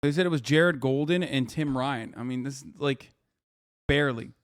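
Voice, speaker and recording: In a clean, mid-range voice at normal speed, a political streamer reacts to news on his live stream, offering casual commentary that turns into profane, disbelieving rants.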